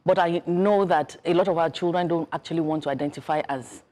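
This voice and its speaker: A woman's voice: fairly low pitch, fast talker, warm tone. A middle-aged woman with a Nigerian accent, a guest author talking emphatically on a studio panel and repeating her points.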